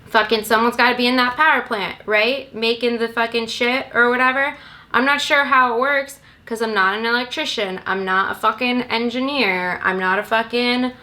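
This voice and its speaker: Bright-voiced sarcastic woman ranting. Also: on the high side. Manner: rambling, sarcastic, swears constantly. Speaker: movie recap comedian. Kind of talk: profane comedic plot recap.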